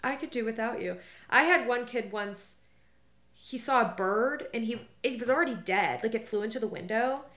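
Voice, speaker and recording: A woman's voice: fairly high pitch, moderate pace, a bit bright, echoey room. A young woman co-hosting a podcast, telling stories in casual chat with lots of "like" fillers. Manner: rambling storytelling, heavy filler "like". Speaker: podcast co-host.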